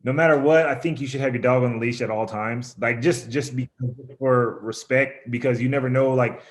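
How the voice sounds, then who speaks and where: A man's voice: mid-range voice, a little fast. A young adult man, a pro baseball player, casually telling a long story, rambling with lots of fillers and acting out what people said. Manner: relaxed, rambling, full of fillers, acts out quotes. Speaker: professional baseball pitcher, guest.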